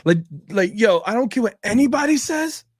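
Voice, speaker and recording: A man's voice: very high voice, lively intonation, normal speed, dry recording, studio quality. A man hosting a casual chat, joking around with slang and laughing between lines. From New York.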